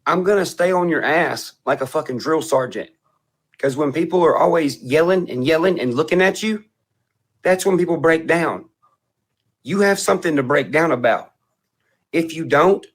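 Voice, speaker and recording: A man in his thirties berates someone over a livestream, pushing hard and swearing freely. His voice sits a bit high for a man. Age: 30s. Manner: aggressive, confrontational, profane. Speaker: livestream guest. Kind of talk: heated livestream confrontation.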